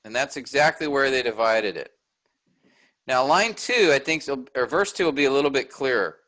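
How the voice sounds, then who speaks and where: A man's voice: mid-range voice, animated, normal speed, fairly bright tone. A middle-aged man teaching a class, explaining step by step and often checking in with "all right?". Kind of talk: recorded lecture with screen sharing.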